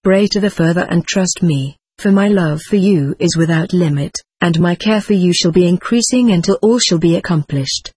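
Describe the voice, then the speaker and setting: A reader voicing Jesus as a solemn male spirit who speaks with authority, reading channeled spirit letters aloud in a steady, formal, measured way. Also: mid-range voice, breathy edge, no echo, close to an everyday voice.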